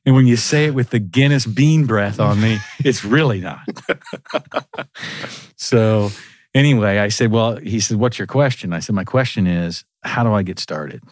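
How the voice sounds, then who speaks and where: A man hosting a casual conversation, animated and laughing as he tells long anecdotes about his music days. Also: lowish voice, unhurried, no echo, clean studio sound.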